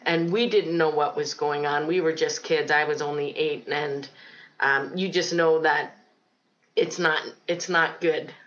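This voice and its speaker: A middle-aged woman from Ohio recounts her childhood in an interview, earnest and reflective, with frequent pauses and ums. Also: sits low, fairly even intonation, fairly bright tone, dull audio. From Ohio, United States. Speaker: guest telling her life story. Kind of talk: personal testimony in an interview.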